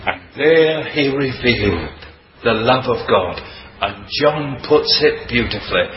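A man preaching a sermon with emphatic, dramatic delivery and sweeping changes in pitch. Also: animated, a little slow. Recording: dull, roomy hall recording with faint noise.

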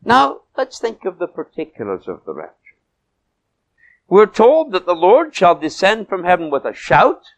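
A man preaching a sermon, swinging from loud emphatic peaks to soft low asides and stretching key phrases. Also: very animated, moderate pace, low-quality recording.

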